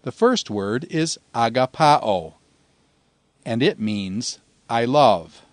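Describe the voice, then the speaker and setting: A man teaching a grammar lesson in a measured way, pausing often and drawing out phrases so listeners can repeat them. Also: medium pitch, animated, no room sound. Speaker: Greek teacher. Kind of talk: slow, deliberate grammar lecture.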